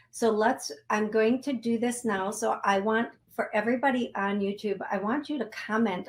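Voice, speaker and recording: A woman in the middle of her range speaks very slowly as she guides an energy clearing. Her tone is soothing and affirming, and she repeats short phrases as she works. The pacing is unhurried throughout. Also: medium pitch, a bit bright. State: briefly tearful. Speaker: psychic medium show host.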